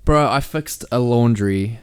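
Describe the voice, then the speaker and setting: A man's voice: unhurried, smooth. A young man telling crude, swear-filled stories on a casual podcast, acting out the quotes. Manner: swears a lot, acts out quotes in a high shouty voice. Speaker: podcast co-host.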